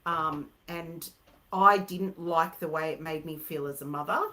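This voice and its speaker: A woman's voice: low voice, fairly even intonation, a little slow, pushed and bright, rough recording. A middle-aged woman, a mother who is a guest, speaking reflectively in a casual conversation.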